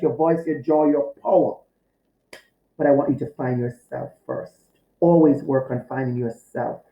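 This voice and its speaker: Recorded to camera for a video course, a male teacher addresses his students in a slightly high voice, heartfelt and direct, often repeating his key phrases. The audio is reverberant, narrow and tinny.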